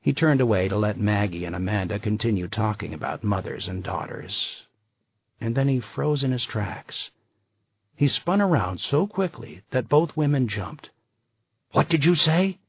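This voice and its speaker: A male audiobook narrator with a low, gravelly, husky voice reads in a measured, unhurried way. The recording is dry and somewhat dull, with no room around it. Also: expressive, dry recording. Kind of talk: scripted narration.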